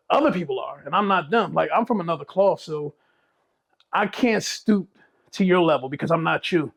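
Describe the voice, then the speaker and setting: Blunt high-voiced man. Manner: blunt, profane storytelling. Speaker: podcast guest, business owner. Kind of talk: casual podcast chat.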